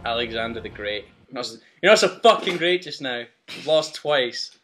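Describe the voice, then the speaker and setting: Lively trash-talking young man gaming. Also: medium pitch, moderate pace, soft background music. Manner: excitable, swearing, trash-talking, laughing often. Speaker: gamer playing against a friend. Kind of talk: profane gameplay commentary.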